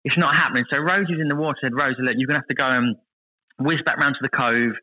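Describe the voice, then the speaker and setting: A man in his thirties telling lively stories as a podcast guest, acting out what others said. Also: medium pitch, fast talker, poor audio. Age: 30s. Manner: lively anecdotal storytelling, voices others in quotes. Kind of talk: casual podcast chat.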